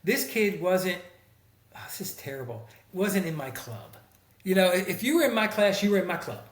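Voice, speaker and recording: A middle-aged man, a former teacher, recounts stories in a relaxed conversation, slipping into the voices of the people he quotes. His voice sits somewhat high for a man. The sound carries a noticeable room echo. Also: normal speed. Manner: animated storyteller who acts out quoted people. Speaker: guest, former teacher and school counselor. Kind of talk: casual storytelling conversation.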